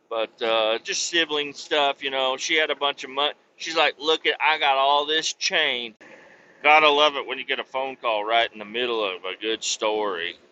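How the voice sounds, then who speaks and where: Man, podcast host, profane rambling storyteller, sharp lively voice, somewhat dull recording. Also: medium pitch, slight background noise. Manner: rambling, swears a lot, rants loudly when interrupted.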